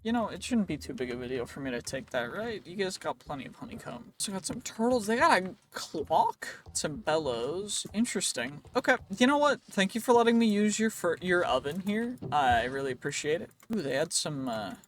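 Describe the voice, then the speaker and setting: High-voiced man chatting over gameplay. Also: very animated, normal speed, few pauses, a little hiss or hum. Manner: chatty, rambling, jokey self-talk. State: voice a bit worn. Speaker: let's play host. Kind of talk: casual gameplay commentary.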